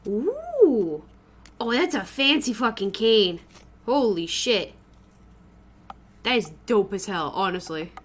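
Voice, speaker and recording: A woman's voice: medium pitch, very animated, takes it slowly, long pauses. A woman streamer chatting casually to her live audience, loose and sweary, often laughing.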